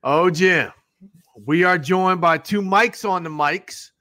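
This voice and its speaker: A man's voice: high-pitched, takes it slowly, bright, forceful tone, slight background noise. A man co-hosting a sports talk show, upbeat as he brings in guests. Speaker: co-host.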